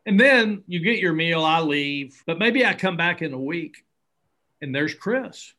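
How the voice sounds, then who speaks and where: A man's voice: on the high side, measured pace. A middle-aged man, an interview guest who founded a charity, telling stories earnestly and acting out bits of dialogue. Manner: earnest, animated, acts out dialogue. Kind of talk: conversational storytelling.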